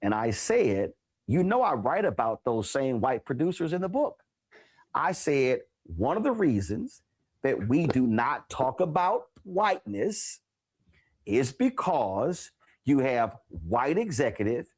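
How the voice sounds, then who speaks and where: A man hosting a talk show and interviewing an author, telling stories with lively repetition for emphasis. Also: medium pitch, slow, breathy edge. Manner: animated storyteller, repeats phrases for emphasis.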